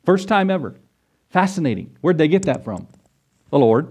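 A man's voice: a little high, normal speed, slightly rough. A man preaching a sermon, reading scripture aloud and acting out biblical scenes in a conversational, emphatic way. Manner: emphatic, animated preaching with conversational asides and dramatized quotes.

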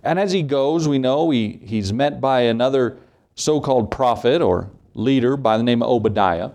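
Speaking at normal speed with a darkish tone, this preacher's voice sits at an ordinary middle pitch. His emphatic pulpit delivery leans on repeated rhetorical questions to press his points.

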